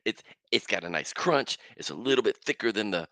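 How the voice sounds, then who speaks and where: A middle-aged man hosting a casual solo podcast, animated and slangy, with bursts of loud excitement. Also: fairly low pitch, a little fast, dry recording. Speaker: podcast host.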